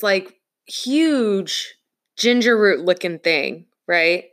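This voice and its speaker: Slow, earnest woman telling a story. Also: mid-range voice, big pitch swings, fairly bright tone. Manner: earnest, reflective, halting storytelling. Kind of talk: casual conversation.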